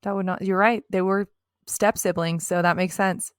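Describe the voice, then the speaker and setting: A woman's voice: steady tone, normal speed, no room sound, studio quality. Bubbly woman co-hosting a podcast. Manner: bubbly, jumps into squeaky impressions. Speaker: podcast co-host. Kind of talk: casual chat.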